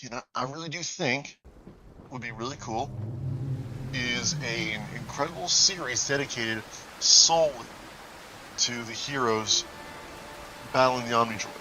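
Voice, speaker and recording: A gaming video creator provides casual let's-play commentary, thinking aloud, rambling, and letting sentences trail off. His voice is medium in pitch, and the recording quality is low.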